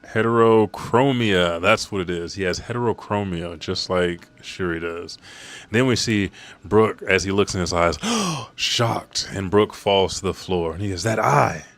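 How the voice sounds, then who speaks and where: A man recapping a comic chapter in casual talk, reading the characters' lines aloud with excited jumps in his voice and casual swearing. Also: deep voice, moderate pace. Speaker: manga chapter reviewer.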